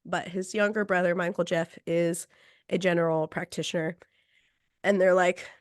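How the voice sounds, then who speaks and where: A woman's voice: mid-range voice, moderate pace, a bit bright, clear, resonant tone, no echo, clean studio sound. A woman podcast host casually telling a story, acting out quotes and laughing between lines.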